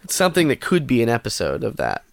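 A man's voice: mid-range voice, huge pitch swings, fast talker, creaky, no room sound. A man co-hosting a comedy podcast, chatting casually, giggling and rambling. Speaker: podcast co-host.

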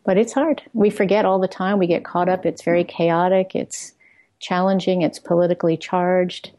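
A middle-aged woman with a mellow, fairly low voice talks as a guest in a reflective conversation. She speaks earnestly and searchingly, often restarting a phrase before finding her point. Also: fairly even intonation, moderate pace. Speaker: guest, outreach work leader.

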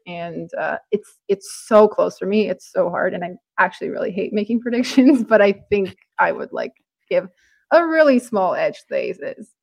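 A woman's voice: medium pitch, creaky, dry recording. A young woman from Toronto co-hosting a podcast, chatting casually with lots of "like" and "um". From Toronto, Canada. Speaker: podcast co-host. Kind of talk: casual sports chat.

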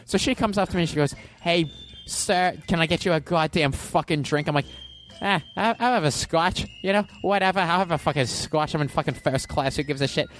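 A man's voice: a little high, a little fast, fairly bright tone, slight background noise, close to an everyday voice. A man doing an impression of a male comedian, ranting angrily with constant swearing. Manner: angry profane ranting, heavy swearing.

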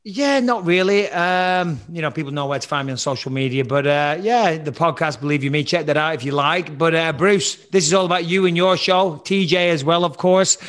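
A man's voice: on the high side, fairly quick, hardly any pauses. A man, an actor with an English accent carrying a slight American twang, telling self-mocking stories as a guest in a casual interview. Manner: animated self-mocking storyteller. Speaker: actor and podcast host, guest.

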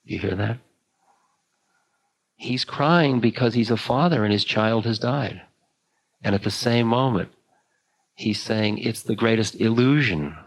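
An older man giving a spiritual talk, musing slowly with long pauses. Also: lowish voice, low-quality recording. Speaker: spiritual teacher. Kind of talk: dharma talk.

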